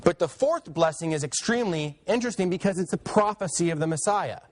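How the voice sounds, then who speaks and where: A man teaching a Bible lesson in a casual, conversational way, with joking asides and quick restarts. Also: high voice, lively intonation. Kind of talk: casual classroom lecture.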